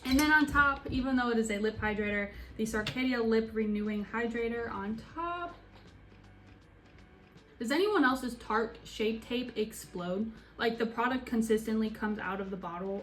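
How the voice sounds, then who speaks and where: A young woman narrating a makeup tutorial in a casual, sassy way, with joking asides. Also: medium pitch. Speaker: beauty vlogger.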